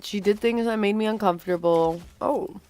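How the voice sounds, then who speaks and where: A woman's voice: mid-range voice, normal speed, darkish tone. A young woman livestreaming a game, rambling through a storytime with lots of fillers and casual swearing. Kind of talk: rambling storytime while gaming.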